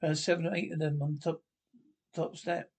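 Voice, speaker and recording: A man reading a gentle devoted father. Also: fairly high pitch, flat delivery, a little fast, gravelly. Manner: reads stage directions aloud before lines. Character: devoted middle-aged father and husband.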